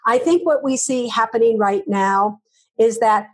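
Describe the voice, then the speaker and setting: A woman speaking as a guest author in an interview, her voice soft and breathy. She talks emphatically, stressing points with rhetorical questions and repeating herself as she goes. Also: a little high, a little slow. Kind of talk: interview answers.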